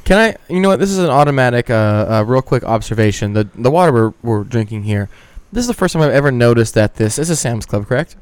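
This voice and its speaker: A man in his thirties hosting a casual podcast, swearing freely and ranting with animated, worked-up energy. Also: mid-range voice, quick pace, clear, resonant tone, no room sound. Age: 30s. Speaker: podcast host.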